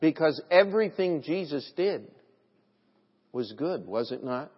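A man's voice: a little high, expressive, measured pace, husky. Preaching man in a reverberant church. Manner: earnest, rising to emphatic scripture reading. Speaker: pastor. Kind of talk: sermon. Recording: dull audio with long church reverb.

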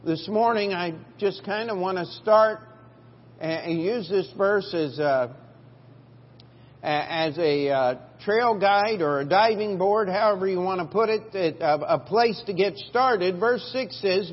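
In a church sanctuary, a middle-aged pastor delivers a folksy, emphatic sermon, frequently restarting his sentences. His voice is high-pitched, unhurried and a bit rough. The recording sounds dull and lo-fi, with long church reverb.

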